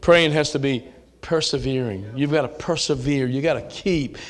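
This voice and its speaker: A man with a Southern US accent preaching a sermon in a church, folksy, dropping to low asides and rising to shouted calls. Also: normal speed. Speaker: pastor. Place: church sanctuary.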